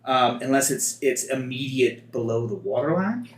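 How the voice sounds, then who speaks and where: A man runs a tabletop game as game master, rambling through explanations and breaking off into restarts. His voice is mid-pitched and sits in a roomy, echoing space. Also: expressive, normal speed. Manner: rambling, with many fillers and restarts.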